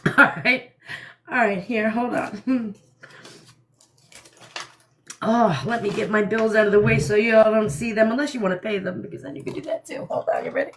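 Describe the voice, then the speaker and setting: A woman's voice: medium pitch, steady tone, normal speed, long pauses, slight background noise. A middle-aged woman hosting a casual livestream from home at night, blunt and laughing often. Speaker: livestream host. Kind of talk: casual live chat.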